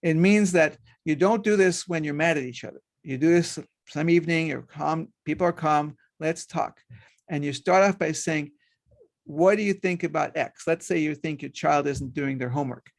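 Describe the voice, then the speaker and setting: A man's voice: a little high, normal speed, vocal fry, hardly any pauses. A middle-aged man, a hypnotherapist, giving parenting tips in a conversational way and acting out quoted dialogue. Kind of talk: instructional talk.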